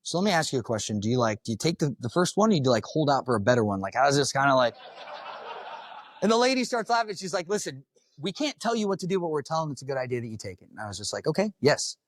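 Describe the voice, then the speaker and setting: Fast-talking, profane male firefighter. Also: mid-range voice, very animated, slight background noise. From Florida. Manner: casual, profane, blunt storytelling. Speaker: firefighter giving a talk. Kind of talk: personal story told to a live audience. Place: conference room.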